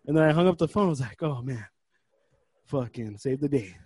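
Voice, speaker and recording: A man's voice: fairly high pitch, lively intonation, fast, darkish tone, slightly rough, no room sound. A young man co-hosting a casual podcast, telling a story with lots of swearing and acting out his own breathlessness. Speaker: podcast co-host.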